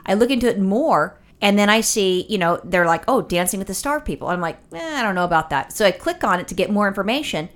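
Woman swearing through a lively story. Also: mid-range voice, fast, few pauses. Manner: animated, profane storytelling with acted-out quotes. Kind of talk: casual chat.

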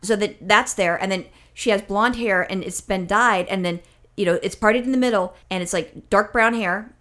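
A woman's voice: medium pitch, moderate pace, a bit bright. A woman co-hosting a comedy podcast, telling a rambling story and swearing freely.

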